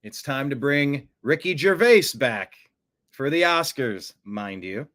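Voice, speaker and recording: A man hosting a political commentary show, animated and sarcastic, who often mocks others by putting on high voices. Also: slow pace. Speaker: host.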